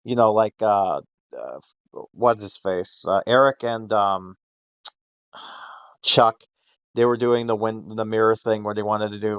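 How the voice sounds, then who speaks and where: A man's voice: fairly low pitch, measured pace, no room sound, muffled recording. A man hosting a casual podcast chat, rambling and swearing freely, laughing often and acting out quotes. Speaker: podcast host.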